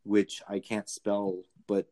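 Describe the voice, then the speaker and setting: A man co-hosting a podcast in casual chat, animated and jokey, laughing often. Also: fairly low pitch, slow pace. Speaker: podcast co-host.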